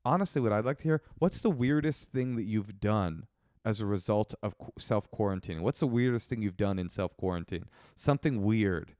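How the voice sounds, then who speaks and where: A man co-hosting a podcast in casual chat, talking in a chatty, jokey way with quick asides. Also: on the low side, a little mellow, no room sound, clean studio sound. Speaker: podcast co-host.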